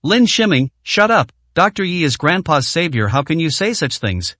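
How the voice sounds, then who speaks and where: A man doing a sharp-tongued young woman. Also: low voice, sing-song, normal speed, no echo, full character voice. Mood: angry. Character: composed young woman, protective.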